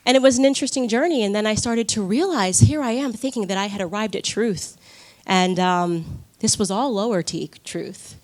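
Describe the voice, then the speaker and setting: A woman giving a personal testimony speech at a conference, telling her story with animated energy, quick laughs and acted-out quotes. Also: medium pitch. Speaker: conference speaker.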